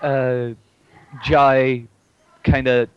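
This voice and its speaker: A man's voice: mid-range voice, flat delivery, drawn-out words, clean tone, no echo, lo-fi sound. A man casually playing a dragon character in a tabletop game, playful and laid-back. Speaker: player. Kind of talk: casual tabletop role-play.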